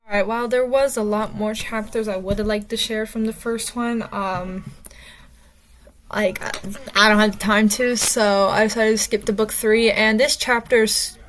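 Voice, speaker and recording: A woman's voice: a little high, a bit bright. A woman reading her own old stories aloud, breaking off into chatty, self-mocking commentary with lots of fillers.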